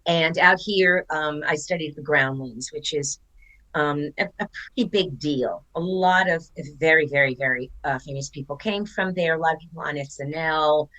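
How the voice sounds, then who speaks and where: Bright-voiced chatty older actress. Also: female voice, low-pitched, normal speed, poor audio. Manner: chatty storyteller who acts out quotes. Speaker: podcast guest, actress. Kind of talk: casual interview chat.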